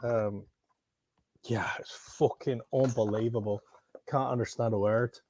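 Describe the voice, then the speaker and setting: A man chatting casually on a live stream while unboxing, excitable and rambling, swearing freely. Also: mid-range voice, unhurried. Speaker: streamer unboxing and answering chat.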